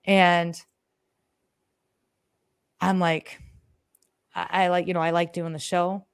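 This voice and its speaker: A woman co-hosting a podcast, telling a story in a casual, animated way, swearing freely and acting out her own words. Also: fairly low pitch, slow pace, smooth, no echo, studio quality. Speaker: podcast co-host.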